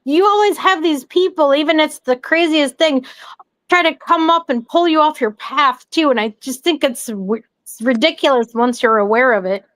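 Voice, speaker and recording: A woman in casual chat, animated and incredulous, speaking in quick asides. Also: high-pitched, dry recording, low-quality recording.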